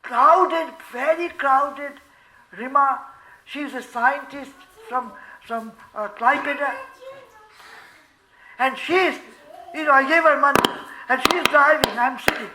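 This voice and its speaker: A man giving a devotional discourse to an audience as a spiritual teacher. He chants verses slowly and puts questions to his listeners. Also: very high voice, pushed and bright, a little hiss or hum, poor audio. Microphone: live talk before an audience.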